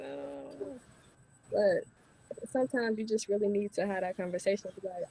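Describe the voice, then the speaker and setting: A woman's voice: medium pitch, fairly even intonation, normal speed, gravelly, dark tone, slight background noise, poor audio. Hesitant teen girl sharing her view. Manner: hesitant, filler-heavy. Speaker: teen panelist. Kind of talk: casual discussion.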